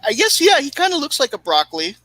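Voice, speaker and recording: A co-host talking through a comic panel, starting sentences several times before finishing them. The voice has a bright edge, and the recording is dry and close. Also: high voice, huge pitch swings, fast talker, dry recording, low-quality recording. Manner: hesitant, repeats words. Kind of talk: casual chat.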